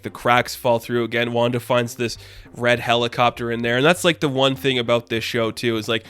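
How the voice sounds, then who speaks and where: A man's voice: mid-range voice, a bit bright, clean tone. A young man casually reviewing a TV episode, enthusiastic and rambling, with lots of filler words. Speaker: YouTube reviewer.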